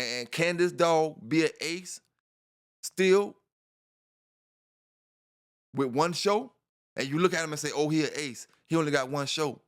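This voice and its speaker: A man hosting a dog channel, talking casually in a rambling monologue, repeating himself and filling gaps with "you know". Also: on the high side.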